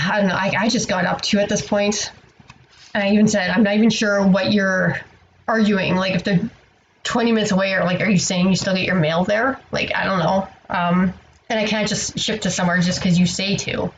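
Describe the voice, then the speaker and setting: A tired woman vlogger tells her story in a rambling, exasperated way and swears freely. Her pitch is mid-range for a woman. A faint hiss of background noise runs under the recording. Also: fairly even intonation, normal speed, long pauses, muffled recording. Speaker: online seller vlogger. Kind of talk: casual storytelling to camera.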